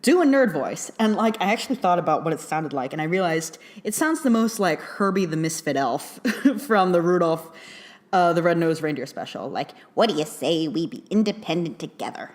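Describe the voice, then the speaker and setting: A young adult woman giving a casual, chatty film review, full of fillers and little laughs. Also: fairly low pitch. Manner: chatty, rambling, many fillers and giggles.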